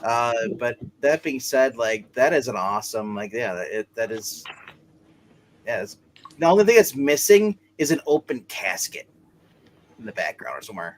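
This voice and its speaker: A man in a casual chat, halting and searching for words. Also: medium pitch, sing-song, slight background noise.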